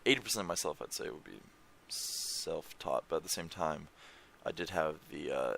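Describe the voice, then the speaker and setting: A young man talks loosely at home, rambling from one thought to the next and swearing offhandedly. His voice sits very low with a gravelly fry, yet it carries a bright, forward edge. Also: lively intonation, normal speed, a little hiss or hum. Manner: rambling, swears casually, reads foreign lyrics aloud. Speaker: language-learning vlogger. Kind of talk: casual screen-share chat. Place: home room.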